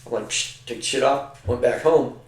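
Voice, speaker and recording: An older man, a retired soldier, tells rambling war stories full of profanity in a casual chat. He speaks at a medium pitch and normal speed. The recording sounds roomy, as if he's far from the mic.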